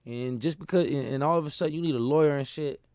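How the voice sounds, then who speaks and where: A man telling stories in a casual monologue, animated and laughing, using slang. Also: a little high, quick pace, no echo, clean studio sound. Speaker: host.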